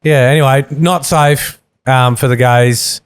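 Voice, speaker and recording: A man's voice: medium pitch, fairly even intonation, measured pace, clean tone. A man co-hosting a podcast, telling rambling travel stories with heavy swearing. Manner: rambling storytelling, heavy swearing, laughs easily. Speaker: podcast co-host. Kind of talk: casual chat.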